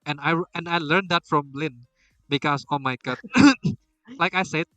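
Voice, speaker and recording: A man's voice: fairly high pitch, lively intonation, unhurried, pushed and bright, dry recording, far from the mic, soft background music, rough recording. A man hosting a casual podcast chat, rambling with many restarts and frequent laughs. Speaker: podcast host.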